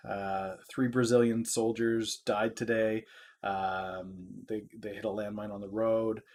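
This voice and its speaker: A man's voice: lowish voice, flat delivery, slow pace, a little mellow, a little hiss or hum, pitched below the performer's own voice. A man voicing a flustered female official delivering bad news, told in his own everyday voice. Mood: urgent.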